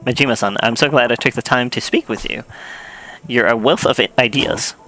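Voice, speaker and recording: A man's voice: medium pitch, a little fast, vocal fry, pushed and bright, rough recording. A man reading game lines aloud as an eager, earnest young male official. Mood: grateful.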